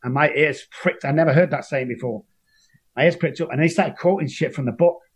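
A man's voice: on the high side, brisk, slightly rough. A man, telling his own story as an interview guest in an earnest, emotional way. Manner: earnest, emotional, acts out quoted voices. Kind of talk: personal storytelling.

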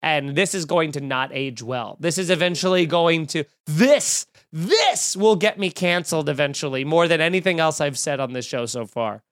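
A man's voice: fairly high pitch, lively intonation, moderate pace, hardly any pauses, fairly bright tone, no room sound, studio quality. A man hosting a podcast, riffing in a casual, profane stream of consciousness. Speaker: podcast host. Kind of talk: casual rambling chat.

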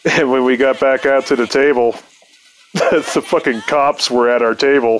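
A man's voice: mid-range voice, steady tone, a little slow, a little hiss or hum. Easygoing male podcast storyteller, mid-range voice, chuckly and profane. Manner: laid-back, profane, chuckling. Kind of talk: casual storytelling.

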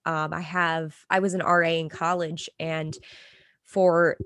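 A woman's voice: deep voice, little pitch movement, unhurried, fairly bright tone, dry recording, clean studio sound. A young woman co-hosting a casual sports chat, chatty and laughing often as she tells stories. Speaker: podcast co-host.

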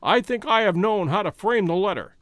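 Man reading detective, measured, stern, high lively voice, dry sound. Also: dry recording. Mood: calm. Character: calm, commanding male detective.

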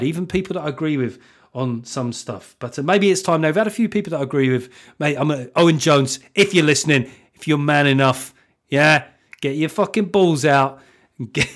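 A man's voice: a little high, animated, fairly quick. A man hosting a comic podcast on his own, blunt and sweary, who laughs at his own jokes. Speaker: podcast host. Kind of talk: comic solo podcast monologue.

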